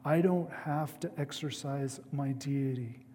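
A man's voice: medium pitch, slow pace, mellow, slight background noise. Man preaching in a reverberant hall. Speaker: pastor. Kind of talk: sermon.

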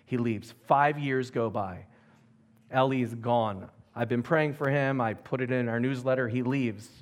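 A man who works as an evangelist tells a personal story as a testimony. He talks in an animated way and acts out the lines of the people in the story. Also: medium pitch, measured pace. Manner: animated, acts out quoted dialogue.

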